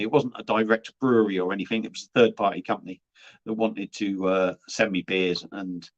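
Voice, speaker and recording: Blunt man on a lo-fi livestream. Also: on the low side. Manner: blunt and chatty, swears freely. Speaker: beer reviewer and livestream host. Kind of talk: casual livestream chat, reading viewer comments. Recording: dull lo-fi livestream audio.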